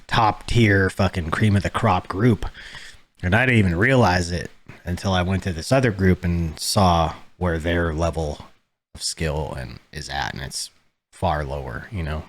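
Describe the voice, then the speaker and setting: A young adult man co-hosting a podcast, talking in a calm, low-key way and swearing casually. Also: a little slow. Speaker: podcast co-host. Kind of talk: casual chat.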